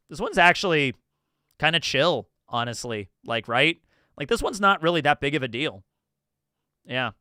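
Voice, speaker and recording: Chatty male streamer, high and animated, quick to laugh and swear. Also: clear, resonant tone, no room sound, clean studio sound. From New Jersey. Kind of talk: casual livestream commentary.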